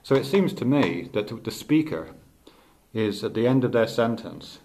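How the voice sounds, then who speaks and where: A middle-aged male teacher thinking aloud in a halting, reflective way, with many restarts. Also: medium pitch, lively intonation, darkish tone. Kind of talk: unscripted spoken reflection.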